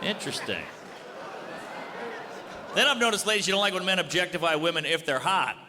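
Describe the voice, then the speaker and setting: A man in his thirties doing a stand-up comedy set, with a brash and animated delivery that breaks into shouted punchlines. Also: high-pitched, brisk. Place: large hall with live audience. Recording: echoey hall, audience noise.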